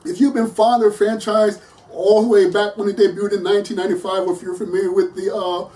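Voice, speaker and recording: A chatty film reviewer with a mellow, warm tone, laughing often and trailing into thinking-aloud fillers. The voice sits a little back from the microphone, giving a slightly distant, home-recorded feel. Earnest and conversational throughout. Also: medium pitch, flat delivery, fast. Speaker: movie reviewer. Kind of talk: casual movie review monologue.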